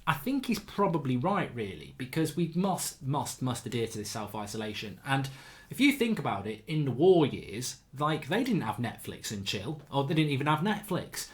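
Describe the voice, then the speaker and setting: A man's voice: medium pitch, sing-song, moderate pace. A man, hosting a casual livestream chat and telling rambling anecdotes full of restarts. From England. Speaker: show host.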